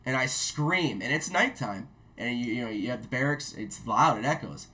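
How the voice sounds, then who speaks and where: Profane, animated man telling war stories. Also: mid-range voice, brisk, few pauses, a little hiss or hum. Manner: profane, animated storyteller who mimics shouts. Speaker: guest, army veteran. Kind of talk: casual storytelling.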